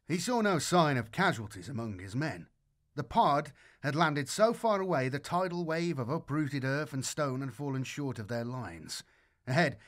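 A man giving a measured, scripted audiobook narration of a war story. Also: medium pitch, a bit bright.

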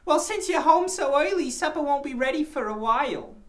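A woman's voice: very high voice, expressive, measured pace. A woman acting out a nervous cheating wife who stammers and pleads. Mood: flustered. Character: young woman playing a flustered cheating wife.

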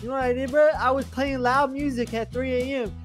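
Man with a very high voice, slangy and bro-heavy, roleplaying in game chat. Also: steady tone, brisk, faint music behind. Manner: says bro constantly, slangy. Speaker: roleplay player.

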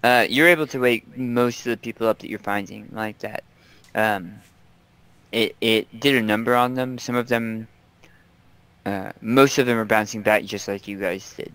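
A man's voice: on the low side, fairly even intonation, normal speed, fairly bright tone, clean tone. A man narrating as game master of a tabletop game, chatty and laughing often, with frequent ums.

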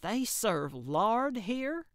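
A woman's voice: fairly low pitch, slow, vocal fry, no echo, clean studio sound. A woman voicing a cantankerous, blunt old woman from New England who snaps and grumbles in a storybook reading. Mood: indignant.

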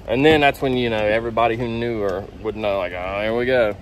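A man's voice: medium pitch, fairly quick, few pauses, a little hiss or hum. A man vlogging, telling a personal story in a plainspoken, frank way with the odd curse word. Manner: plainspoken and frank, with occasional cursing.

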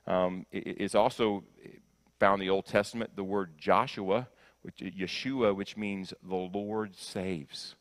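A man preaching in a church with a fairly low voice. He is emphatic, repeating the first words of his sentences as he builds. He swings between loud punches and hushed, intense lines. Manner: rises to loud emphasis, drops to soft intensity. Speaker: guest preacher. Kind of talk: sermon. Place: church sanctuary.

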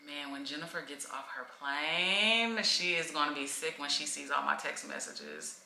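A woman's voice: deep voice, big pitch swings, moderate pace, vocal fry, bright, forceful tone. A young woman vlogging to camera in a hotel room, venting and emotional, holding back tears. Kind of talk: casual vlog talk to camera. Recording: echoey room.

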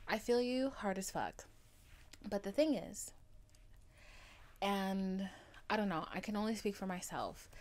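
Overdramatic, gushing young woman podcaster. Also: medium pitch. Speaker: podcast host. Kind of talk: casual solo podcast monologue.

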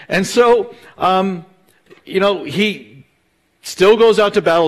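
A middle-aged man, a pastor teaching verse by verse through a Bible book in a relaxed storytelling way, with fillers and retold dialogue. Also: sits high, takes it slowly.

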